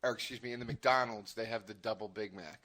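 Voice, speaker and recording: A man's voice: fairly low pitch, fairly even intonation, quick pace, a bit bright. A man guesting on a casual comedy chat, telling profane, annoyed stories. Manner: profane, storytelling, easily annoyed.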